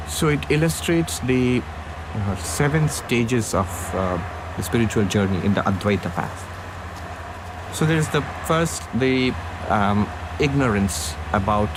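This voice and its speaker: A man giving a philosophy lecture, explaining ideas step by step with frequent pauses and fillers. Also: on the low side. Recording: lecture under vehicle noise.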